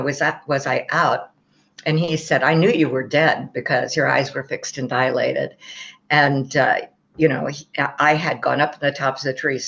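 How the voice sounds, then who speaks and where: Telling the story of her own near-death experience, this older guest rambles casually, using many fillers and showing a wry sense of humor. She has a bass voice with vocal fry and a slightly bright quality, and the audio is a little muffled and dull.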